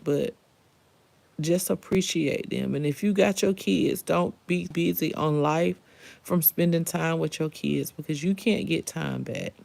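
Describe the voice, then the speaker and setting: A woman's voice: fairly low pitch, vocal fry, a little mellow. A middle-aged woman hosting a live stream, chatting candidly and emotionally straight to her viewers. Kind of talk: casual live-stream chat.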